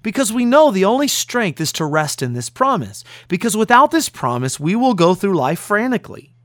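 A man's voice: high-pitched, big pitch swings, normal speed, fairly bright tone, dry recording, studio quality. A man pastor preaching an earnest, emphatic radio sermon.

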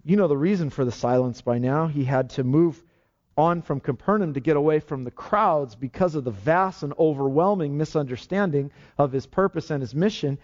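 A man's voice: fairly high pitch, moderate pace, a little mellow. A male pastor preaching a sermon in an earnest, emphatic way, often restarting his phrases, on a dull, lo-fi recording. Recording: dull lo-fi sound.

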